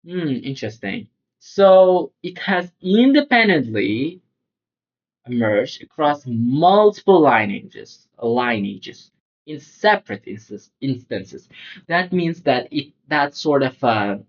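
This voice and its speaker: A man's voice: medium pitch, very animated, slow, muffled recording. A man tutoring for a test, reading questions aloud and thinking through the answers in an informal way, often saying "like" and asking "right?". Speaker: SAT tutor.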